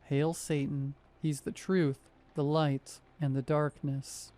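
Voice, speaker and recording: A harsh, gravelly demon radio DJ with a slow, sardonic drawl, as a man puts him on in a horror story. The voice sits a touch high yet sounds mellow and warm rather than bright. It croaks out its words in a mocking way. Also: level tone.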